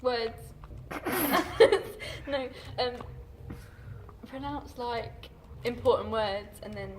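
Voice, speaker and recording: A woman drama student answering quietly and hesitantly in a group discussion. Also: fairly high pitch, extremely slow, background noise.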